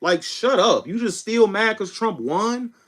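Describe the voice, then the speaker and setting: Scornful young-sounding livestream host. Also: male voice, high voice, animated, a little slow, fairly bright tone. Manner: scornful, insulting, keeps saying "bro". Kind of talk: heated political livestream rant.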